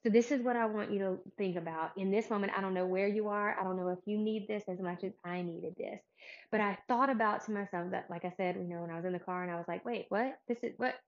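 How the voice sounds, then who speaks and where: A woman's voice: medium pitch, steady tone, quick pace, dull audio. A woman hosting a podcast who gives a casual devotional Bible talk in an earnest, rambling way, often restarting her sentences. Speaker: podcast host.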